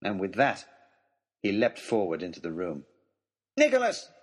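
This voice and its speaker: A man reading an adventure story aloud in the first person, dramatic and animated. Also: deep voice, normal speed, husky. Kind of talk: expressive storybook narration.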